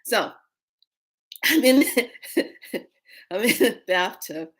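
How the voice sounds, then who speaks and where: A woman's voice: mid-range voice, expressive, drawn-out words, a bit bright. A woman in her fifties hosting a spiritual livestream, telling a story casually, playful and laughing often. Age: 50s. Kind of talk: casual storytelling to a live audience.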